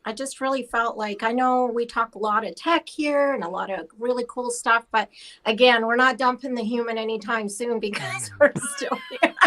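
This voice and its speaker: A hoarse woman talking in a casual panel chat, chatty and laughing often. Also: a little high, expressive, moderate pace, pushed and bright, rough recording. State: hoarse after laryngitis.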